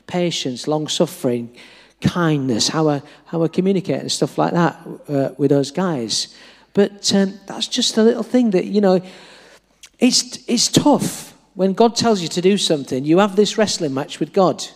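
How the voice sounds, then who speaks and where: A man's voice: sits high, animated, moderate pace. A middle-aged man preaching, telling a story animatedly and acting out the dialogue with self-deprecating humour. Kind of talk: storytelling sermon. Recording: long reverb of a large hall.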